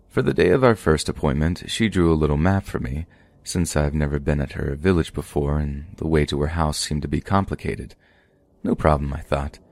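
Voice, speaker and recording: A man reads true horror stories for his podcast in a voice that sits at the very bottom of the male range. His delivery is steady and measured, the tone of a scripted narration. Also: very deep voice, slight background noise. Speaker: podcast host reading stories.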